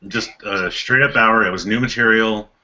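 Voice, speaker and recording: A man's voice: on the low side, moderate pace, sharp tone. A man co-hosting a podcast, rambling and teasing in casual banter. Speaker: podcast co-host. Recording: dull lo-fi podcast audio.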